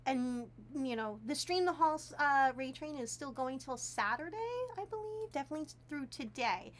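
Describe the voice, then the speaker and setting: A woman's voice: high-pitched, animated, moderate pace, a bit bright. A woman streaming from a tiny room at home, chatting casually while she crafts, giggly and full of thanks. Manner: chatty, giggly and effusively grateful.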